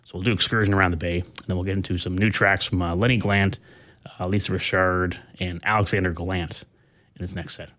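A man from Canada hosting a radio show in a casual, halting way, with many filler sounds as he reads the weather and introduces songs. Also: low voice, steady tone, fairly bright tone. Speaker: radio host.

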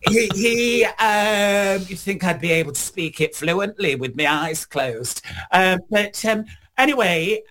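A middle-aged man being interviewed, telling long rambling stories with many fillers and lively quoted voices. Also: on the high side, gravelly. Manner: slow, rambling, many fillers, animated when quoting others. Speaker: interviewee, singer. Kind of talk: casual interview storytelling.

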